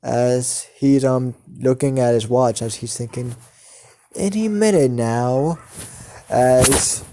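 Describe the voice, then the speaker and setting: A man improvising a fan story as narrator, halting with many ums and restarts. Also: mid-range voice, gravelly, warm tone.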